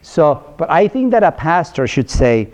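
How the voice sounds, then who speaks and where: A man's voice: on the high side, big pitch swings, a little slow, a little mellow. A man giving a conversational workshop talk to ministers, earnest, restarting phrases and asking if points make sense. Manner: earnest, with frequent restarts and rhetorical questions. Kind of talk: conversational lecture. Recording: dull lo-fi sound.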